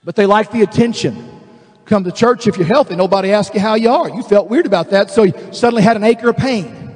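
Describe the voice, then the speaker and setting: A male pastor preaching a sermon, animated and emphatic, acting out voices of the people he describes. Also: sits high, fast, husky, big-room sound. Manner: animated, acts out quoted voices, builds to emphatic declarations.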